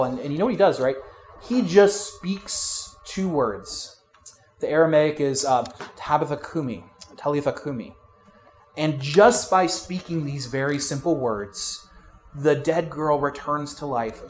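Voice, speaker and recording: Higher-voiced man preaching a sermon. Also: measured pace, slight background noise. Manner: conversational preaching with frequent fillers and restarts; swings between loud emphasis and quiet asides. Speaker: pastor.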